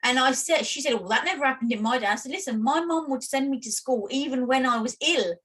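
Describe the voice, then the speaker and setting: A woman from the UK co-hosting a podcast, chatting casually and telling stories with lively quoting. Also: high-pitched, quick pace. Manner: chatty storyteller, animated quoting. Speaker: podcast co-host. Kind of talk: casual chat.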